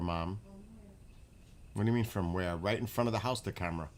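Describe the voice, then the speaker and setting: Standing in front of his home late at night, a livestream host with a New York accent rambles easily with his viewers. His voice sits low and moves a little quickly.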